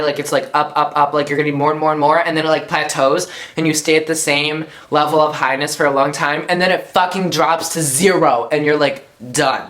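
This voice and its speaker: A man's voice: a little high, fairly bright tone. A young man telling a casual storytime vlog at home, slangy and chatty, packing his talk with "like". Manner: chatty, slangy, heavy on "like" fillers. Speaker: YouTuber.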